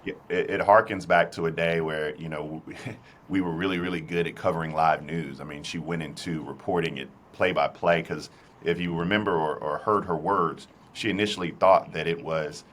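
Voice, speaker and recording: A man from South Carolina, speaking as a commentator in an earnest way with halting restarts. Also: low-pitched, steady tone, a bit bright, slight background noise. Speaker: political commentator. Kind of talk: casual interview talk.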